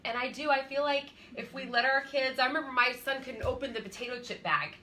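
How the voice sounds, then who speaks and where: A woman's voice: sits high, quick pace, sharp tone, slight background noise. A woman in her forties co-hosting a faith-based parenting chat, telling stories earnestly and laughing easily. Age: 40s. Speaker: co-host.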